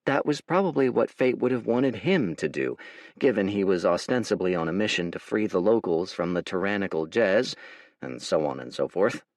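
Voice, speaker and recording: A man's voice: low-pitched, moderate pace, no room sound. Wry male audiobook narrator. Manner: wry, animated storytelling. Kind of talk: scripted narration.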